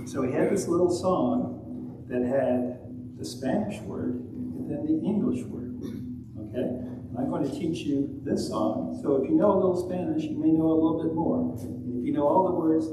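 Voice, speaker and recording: A man addresses a congregation in a relaxed, friendly way, drawing them into call-and-response. His voice comes from far off in a very echoey hall, with clear background noise. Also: a little high. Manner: friendly, call-and-response, chanting word pairs. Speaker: lay service leader. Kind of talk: casual talk to a congregation, teaching a song. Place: fellowship hall.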